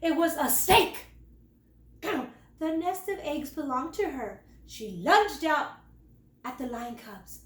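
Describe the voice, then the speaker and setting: A woman teacher reading a children's storybook aloud in an expressive, slow storytelling manner. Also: high-pitched, far from the mic. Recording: roomy, away from the mic.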